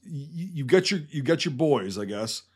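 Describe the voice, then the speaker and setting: A man's voice: mid-range voice, sing-song, moderate pace, a little mellow, slightly rough. A man in his thirties, a veteran co-hosting a podcast, talking in a blunt, profane, rambling way. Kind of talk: casual podcast banter.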